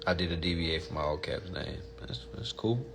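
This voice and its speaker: A man's voice: sits low, fairly quick, gravelly, background noise. A man hosting a casual livestream and answering viewer questions, blunt and profane, and often calling his listeners family.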